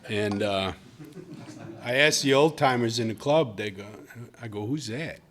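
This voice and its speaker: At a recovery meeting before a live audience, a man shares his personal story conversationally and with humor, growing emotional as it turns tender. His voice is medium-pitched and a bit bright, his pace measured, and there's slight background noise in the meeting room.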